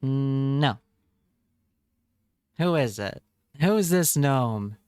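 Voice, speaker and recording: A man's voice: mid-range voice, lively intonation, very slow, pauses often, darkish tone, clean tone, dry recording, clean studio sound. A man chatting casually on a live stream, reading chat aloud and joking around. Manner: playful, jokey, reads chat aloud.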